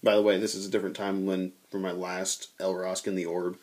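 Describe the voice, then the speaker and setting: A young man telling a tabletop game story in a casual, animated way, swearing and acting out quotes. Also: low-pitched, brisk.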